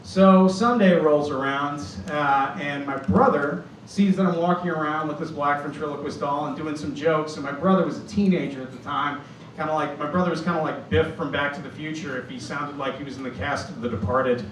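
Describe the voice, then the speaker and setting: A man tells an animated stand-up story in a fairly high voice. The club room rings with echo, and he sounds a little far from the mic, with faint noise underneath. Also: fairly quick. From Boston. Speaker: stand-up comedian. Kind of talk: stand-up set. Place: comedy club stage with live audience. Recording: roomy club recorded from afar.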